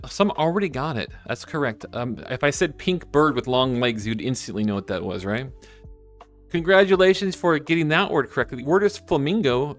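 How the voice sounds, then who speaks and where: A man streaming live and chatting casually, reading viewer comments aloud, rambling and often sidetracking himself with many restarts. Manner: animated, jumps high in pitch when excited.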